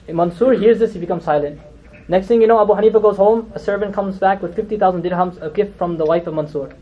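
A man giving a storytelling sermon as a religious lecturer. He is animated, acts out the quotes, and keeps asking "you know?" and "right?". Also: sits high, fast. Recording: dull lo-fi recording.

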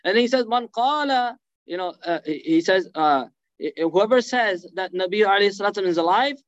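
A man's voice: high-pitched, a little fast, no echo, dull audio. A man preaching a sermon, retelling a sacred story fervently, acting out quotes and weaving in Arabic phrases. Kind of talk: emotional religious storytelling lecture.

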